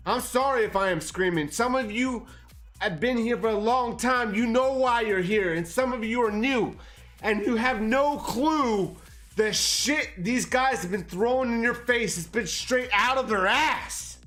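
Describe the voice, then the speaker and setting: A man's voice: very high voice, normal speed, fairly bright tone, soft background music. A man ranting on a livestream about markets, profane and agitated. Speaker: market commentary streamer. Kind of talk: livestream rant.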